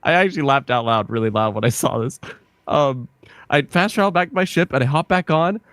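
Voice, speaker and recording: A guest on a gaming podcast tells an excited, laughing story, and the pitch jumps all over. The sound is close and dry. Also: fairly quick, no echo. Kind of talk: casual gaming podcast chat.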